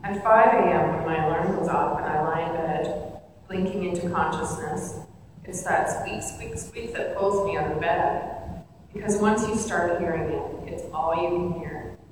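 A woman with a lowish voice preaches a sermon and tells it as a thoughtful, unhurried story. She is heard from a distance in a big hall with long reverb. A steady background noise sits under her words. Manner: reflective storytelling, soft repetitions.

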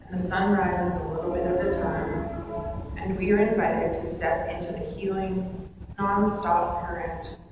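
A woman with a lowish voice preaches a sermon and tells it as a thoughtful, unhurried story. She is heard from a distance in a big hall with long reverb. A steady background noise sits under her words. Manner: reflective storytelling, soft repetitions.

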